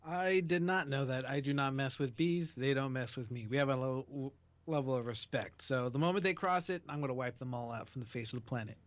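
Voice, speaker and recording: A man's voice: mid-range voice, fairly quick, dry recording, muffled recording. A man co-hosting a talk radio show, chatting casually with dry, joking asides. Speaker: radio co-host.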